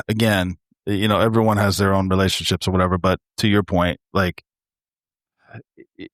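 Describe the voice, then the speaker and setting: Low-pitched and fairly flat in intonation, this man talks at a normal pace with a fairly bright tone. He co-hosts a casual podcast, earnest and reflective, addressing other men as "bro," in a studio recording with no room sound.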